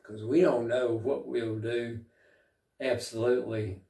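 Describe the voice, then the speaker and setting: A man preaching a sermon, reflective and unhurried, pausing often with fillers as he reads and explains scripture. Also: mid-range voice, steady tone, creaky, warm tone, reverberant, far from the mic. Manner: slow, reflective, with frequent pauses and fillers.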